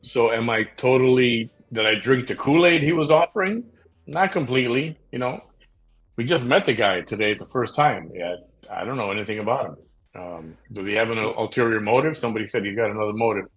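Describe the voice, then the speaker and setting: A man hosting a late-night talk show, chatting casually in a rambling way with many fillers and pauses. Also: mid-range voice, a bit bright, husky, poor audio. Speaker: podcast host.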